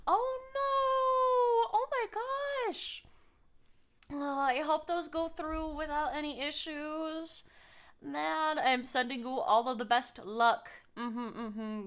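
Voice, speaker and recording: Bubbly giggly girl streamer, high voice, baby talk to her cats. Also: slow pace, a bit bright. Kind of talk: casual live-stream chat.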